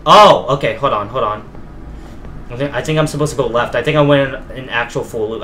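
A man's voice: medium pitch, animated, moderate pace, fairly bright tone, soft background music. Jumpy young man playing a horror game. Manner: jumpy, swears and yelps at scares. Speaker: gameplay streamer. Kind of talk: horror game let's play, reading notes aloud.

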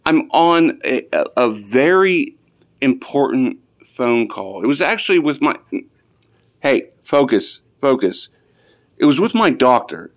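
A man talks slowly to his pets in a home basement. His pitch swings widely as he plays the stern parent, and the scolding keeps softening into affection. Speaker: pet owner. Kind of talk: casual vlog, scolding pets.

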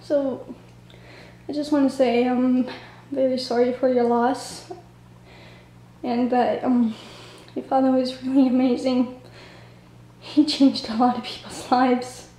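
Female vlogger on the verge of tears, soft and mellow, flat and hesitant delivery, echoey room. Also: high voice. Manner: halting, hesitant, soft-spoken. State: fighting back tears. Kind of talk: tearful video tribute.

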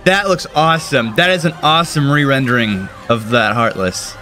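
A man's voice: mid-range voice, moderate pace, pushed and bright, soft background music. A young man gushing and exclaiming as a gaming YouTuber reacting to a trailer.

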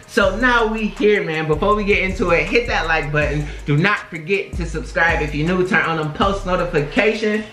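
A man in his twenties hosts a laid-back reaction video, his voice high, bright and pushed as he talks fairly quickly with barely a pause. His slangy speech is peppered with "bro" and "bruh," and the room echoes while faint music from the video plays behind him.

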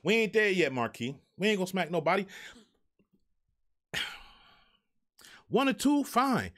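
A man's voice: high-pitched, very animated, moderate pace, long pauses, fairly bright tone. A man hosting his own live show, ranting in a profane, exasperated way to the people who send him music. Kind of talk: ranting live stream talk.

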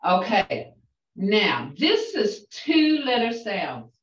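An older woman leads a class through syllable drills at a very slow, patient pace, repeating each sound. She is heard from some distance in a roomy space, and the sound is dull and lo-fi. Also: medium pitch, huge pitch swings. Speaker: language teacher.

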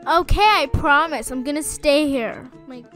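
A woman gamer and channel host giving excitable roleplay commentary, often panicking and repeating herself. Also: high voice, moderate pace, over music. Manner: panicky, exclaiming, repeats phrases.

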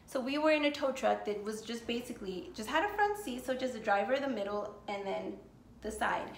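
A woman's voice: on the high side, brisk, vocal fry, roomy sound, slight background noise. A woman from the United States telling a casual storytime vlog, rambling with lots of swearing and filler words. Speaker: vlogger.

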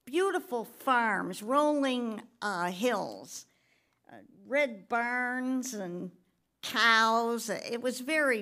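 A woman's voice: medium pitch, a bit bright. Woman telling her testimony in church. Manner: conversational storytelling with occasional fillers and light laughs. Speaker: pastor's wife. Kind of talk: personal testimony in a church service. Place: church service.

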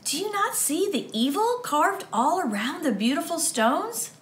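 A woman putting on an earnest boy squire from a storybook, pitched up high and polite, almost pleading in tone. he sounds small and respectful, and the reading has a roomy echo. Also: big pitch swings, measured pace, a bit bright, slight background noise, exaggerated voice. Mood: hushed worried. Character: earnest, timid young male squire.

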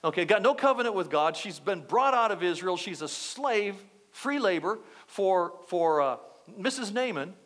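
A male pastor preaching a sermon, telling a story with lively acted-out quotes. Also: sits high, moderate pace, few pauses. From United States. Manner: animated storytelling, acting out quotes.

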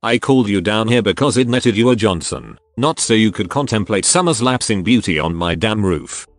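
A synthetic male text-to-speech voice voicing an impatient, sharp-tongued woman bar owner. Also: lowish voice, expressive, moderate pace, dry recording. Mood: scolding.

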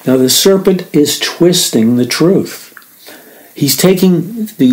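A radio minister and host gives a Bible teaching in an earnest, emphatic way, repeating words as he explains and reading verses quickly between slower stretches of commentary. His voice is medium-pitched, and the recording is rough.

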